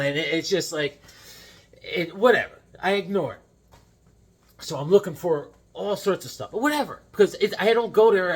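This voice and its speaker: A middle-aged man vlogging about comic books in a casual, rambling way, full of restarts and animated retellings. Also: fairly high pitch, husky. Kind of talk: casual chat.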